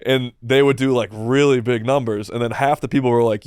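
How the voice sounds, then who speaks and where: A man's voice: mid-range voice, fairly even intonation, fast, a little mellow, clean tone, dry recording, studio quality. Rambling, self-deprecating young man. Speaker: podcast guest. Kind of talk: casual storytelling.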